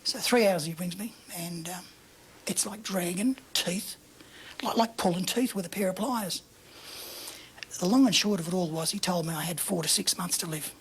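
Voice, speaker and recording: An Australian man telling a story in a casual interview, acting out the dialogue in an animated way, his voice often breathy and half-whispered. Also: sits high, moderate pace, a little hiss or hum. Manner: animated anecdotal, acts out dialogue. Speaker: interview guest.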